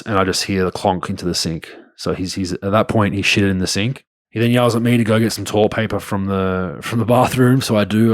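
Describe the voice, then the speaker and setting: A low-voiced man in his thirties spins blunt, crude anecdotes for his podcast. The sound is dry and close, with no room around it. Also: no room sound. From Australia. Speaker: podcast host. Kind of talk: casual storytelling.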